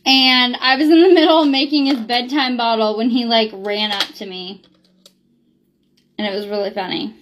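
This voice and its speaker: A woman's voice: on the high side, fairly even intonation, moderate pace, fairly bright tone, slight background noise. A young woman talking casually in a vlog, rambling with lots of ums and likes. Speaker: beauty product reviewer.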